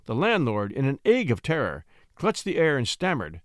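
Theatrical male storyteller, wildly expressive. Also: medium pitch, normal speed, dry recording, clean studio sound. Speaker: narrator. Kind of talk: dramatic audiobook reading.

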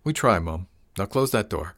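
A man's voice: deep voice, animated, moderate pace, fairly bright tone, dry recording, studio quality. A man voicing a polite, caring young village hunter who speaks respectfully and earnestly.

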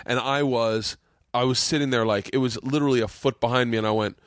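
A male comedian hosting a relaxed podcast from his home man cave, swearing freely as he rambles through road stories. His voice sits at an ordinary middle pitch, and the room sounds close and dry, with no echo. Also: fast. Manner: profane, rambling, acts out what people said. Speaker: podcast host and stand-up comedian. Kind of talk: casual chat, storytelling.

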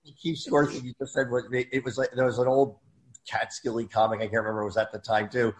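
A man in casual chat, telling anecdotes in a rambling, animated way. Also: mid-range voice, fast, low-quality recording.

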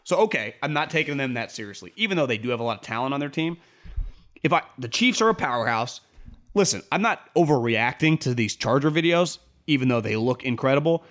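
A man talking sports on a podcast in loose, rambling chat. He pitches his voice up high whenever he quotes a coach or a fan, then drops back to an easy, middling tone. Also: fast. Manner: rambling, animated, quotes people in a raised voice. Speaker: podcast co-host.

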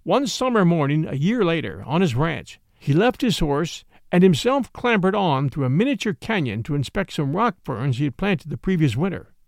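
Lively expressive male storyteller. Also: on the high side, normal speed, vocal fry, hardly any pauses, no echo, clean studio sound. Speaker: narrator. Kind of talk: audiobook narration.

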